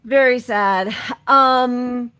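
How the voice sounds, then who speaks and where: A woman's voice: on the high side, drawn-out words, sharp tone, clean tone, no echo. A woman co-hosting a podcast in casual chat who laughs easily. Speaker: podcast co-host.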